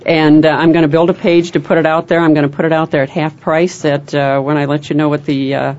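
A woman guest coach explaining ideas on a talk show, measured and explanatory, with frequent fillers. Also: low voice, level tone, a little mellow. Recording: dull lo-fi radio sound.

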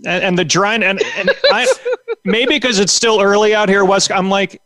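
Male comic guest, a touch high-voiced, rambling and lively with lots of restarts; close, dry mic. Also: normal speed, no room sound. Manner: rambling, animated, full of restarts. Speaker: comedian and author guest. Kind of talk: casual podcast interview.

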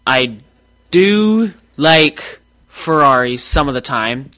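A man's voice: a little high, expressive, takes it slowly, bright, forceful tone, faint music behind. A man co-hosting a casual chat, answering in short, stubborn bursts. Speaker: podcast co-host.

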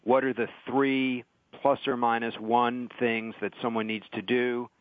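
A man speaking as a guest on a radio panel, explaining his ideas in a measured way. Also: medium pitch, level tone, dry recording. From California. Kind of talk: remote radio interview. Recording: tinny phone-like line.

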